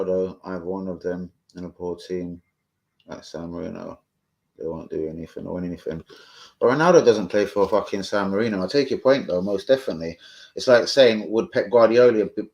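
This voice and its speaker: Sweary fan-channel host. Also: male voice, deep voice, fairly quick, darkish tone. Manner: swears freely, answers viewer comments off the cuff. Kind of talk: casual live stream chat.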